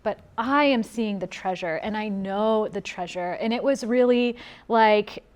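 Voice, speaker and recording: A woman's voice: mid-range voice, a little slow, lo-fi sound. A woman on a ministry panel giving a reflective personal testimony, quoting an old hymn. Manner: reflective, quotes a hymn, drifts quieter at phrase ends.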